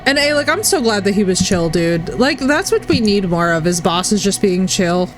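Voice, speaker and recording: A woman's voice: mid-range voice, sing-song, moderate pace, loud music behind the voice. A woman streaming a game, chatting casually and animatedly with friends and laughing often. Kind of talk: casual gaming stream chat.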